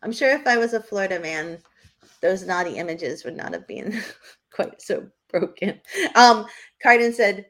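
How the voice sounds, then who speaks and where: A woman from New Hampshire co-hosts a podcast, telling stories in casual chat as a lively storyteller who laughs often. Her voice sits at medium pitch, and she talks at a normal speed.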